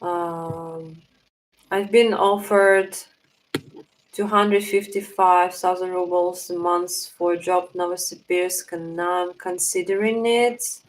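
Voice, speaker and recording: A woman's voice: lowish voice, fairly even intonation, slow, rough recording. A young woman with a Russian accent, hosting a casual livestream, answering chat questions while thinking aloud with fillers. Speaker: livestream host reading chat.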